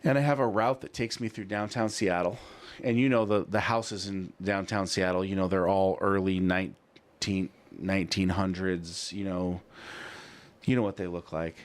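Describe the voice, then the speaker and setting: A man's voice: deep voice, steady tone, moderate pace. A man co-hosting a podcast in a small studio, chatting casually and spinning a rambling story full of "you know" and "I'm like". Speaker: podcast co-host. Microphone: studio mic.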